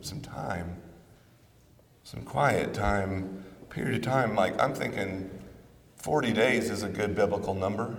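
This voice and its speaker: A man preaching a sermon in the form of a conversational prayer, measured, with dramatic pauses. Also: fairly low pitch. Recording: roomy reverberant hall, voice from a distance.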